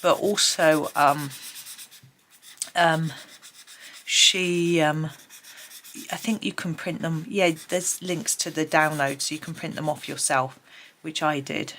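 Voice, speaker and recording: A woman's voice: low-pitched, fairly even intonation, takes it slowly, a bit bright. A middle-aged woman with a chatty, rambling manner, talking casually at her desk while colouring. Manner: chatty, rambling, many ums. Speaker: colouring tutorial host. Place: home desk.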